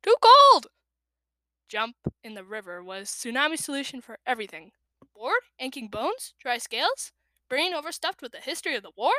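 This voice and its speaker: A woman reading a children's novel aloud with lively, expressive narration. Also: a little high, dry recording. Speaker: reader.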